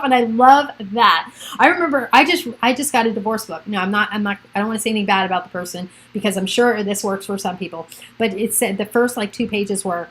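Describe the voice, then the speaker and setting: A woman's voice: mid-range voice, a little fast, a bit bright, low-quality recording. A middle-aged woman, a realtor hosting a casual livestream from home, chatting in a rambling way and laughing often. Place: at home by a computer.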